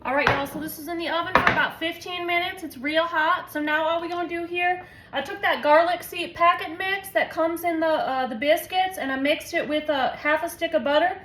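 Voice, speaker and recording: A woman's voice: extremely high pitch, steady tone, brisk, a bit bright. A woman hosting a home cooking video, chatting folksy and casual with viewers as she cooks in her kitchen. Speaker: home cooking channel host. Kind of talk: casual cooking demo chat. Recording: echoey kitchen with faint ambience.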